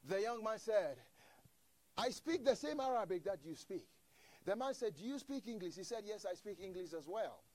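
High-voiced man preaching with stammering fervor. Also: big pitch swings, moderate pace, darkish tone, no echo. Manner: emphatic, repetitive stammering restarts, acts out quoted characters. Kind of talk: sermon.

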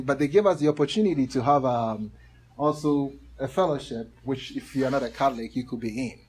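A man preaching a sermon, reading scripture aloud slowly and emphatically and often chuckling between points. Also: mid-range voice, a little mellow, breathy edge.

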